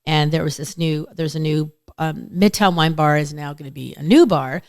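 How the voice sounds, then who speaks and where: Lady radio host telling stories all animated, lowish voice, super dry close sound. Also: normal speed, no room sound. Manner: chatty, animated storytelling with acted-out quotes. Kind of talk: casual chat.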